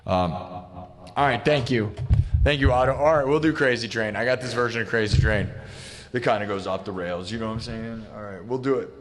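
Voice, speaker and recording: Speaking a little quickly in a mid-range voice, this livestream musician host banters loosely with his audience. His talk is cheerful and meandering, full of thinking aloud and sentences he starts over.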